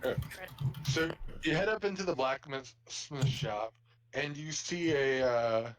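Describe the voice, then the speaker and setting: A man acting as dungeon master, narrating scenes in a relaxed and casual manner. His voice is mid-pitched and unremarkable. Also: unhurried, poor audio. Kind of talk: narrating a tabletop game.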